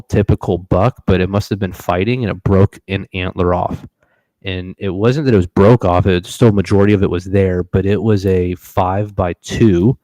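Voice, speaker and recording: Brief: young male host, very low voice, dry mic, animated cursing storyteller. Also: no room sound, low-quality recording. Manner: animated, profane, acts out his own reactions. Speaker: podcast host telling a hunting story. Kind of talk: casual storytelling on a live stream.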